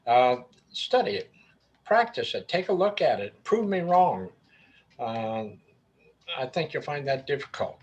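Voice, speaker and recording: Husky guy on a zoom call, caller type, counts beats and chants the moves out. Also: mid-range voice, sing-song, measured pace, long pauses, rough recording. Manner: demonstrates calls by chanting beats. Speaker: square dance caller. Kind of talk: online group discussion. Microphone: video call.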